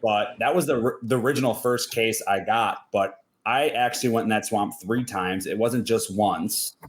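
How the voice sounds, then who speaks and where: A man's voice: lowish voice, moderate pace. Sleepy-sounding man with a Wisconsin accent. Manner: relaxed, chatty, a little sleepy. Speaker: guest, former reality show contestant. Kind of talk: casual video chat interview.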